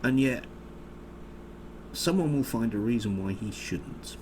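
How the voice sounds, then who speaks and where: A man giving a casual political vlog monologue, sarcastic and halting, full of ums and uhs. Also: medium pitch, lively intonation, background noise. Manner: sarcastic, halting with many fillers. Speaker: political commentator.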